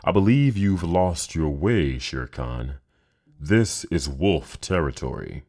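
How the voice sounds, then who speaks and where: A man voicing a proud, wise mother wolf who speaks steadily and gently. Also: extremely low pitch, expressive, slow pace, exaggerated voice. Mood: calm firm.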